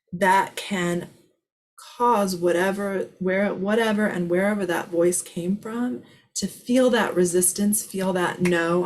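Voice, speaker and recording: Gravelly low-voiced woman, soothing spiritual talk. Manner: soothing, reassuring, drifts into soft whispers. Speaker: spiritual channeler and healer answering questions. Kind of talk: live spiritual Q&A.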